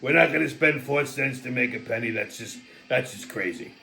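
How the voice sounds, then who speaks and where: A man's voice: mid-range voice, normal speed, gravelly, pushed and bright, voice pushed down. A man doing a comedic impression of a blunt, boastful male president who talks in short, dismissive, repetitive phrases. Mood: scoffing.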